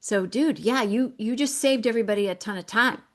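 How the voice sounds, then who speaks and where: A woman's voice: a little high, fairly quick. A woman hosting a group webinar, affirming participants with enthusiasm. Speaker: webinar host.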